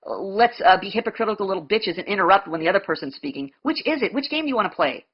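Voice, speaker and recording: A woman's voice: medium pitch, animated, fast, husky, lo-fi sound. A woman hosting a heated online debate, aggressive and mocking, hurling insults and talking over her opponent. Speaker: debate host.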